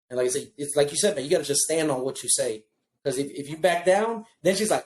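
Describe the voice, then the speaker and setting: A man telling a story in casual podcast chat, profane and animated. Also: on the high side, quick pace. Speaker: podcast co-host.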